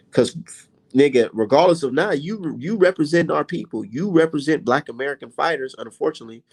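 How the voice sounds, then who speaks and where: A young man vents in a heated, profane livestream rant, blunt and exasperated. His voice swings widely in pitch as he stops to read viewer comments aloud. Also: a little mellow. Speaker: boxing commentator and channel host.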